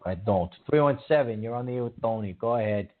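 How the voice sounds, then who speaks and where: A man's voice: medium pitch, fast. A man hosting a call-in show who stammers and gets riled easily. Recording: tinny phone-like sound.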